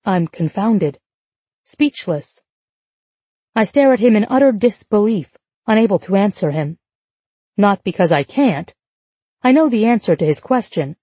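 A woman narrating a novel in the first person, with a measured, emotive reading on a close microphone. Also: medium pitch, lively intonation, warm tone, husky, no echo. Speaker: audiobook narrator.

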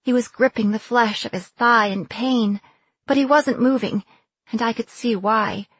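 Husky-voiced woman narrating a story. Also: a little high, unhurried. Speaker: audiobook narrator. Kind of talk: first-person fantasy narration.

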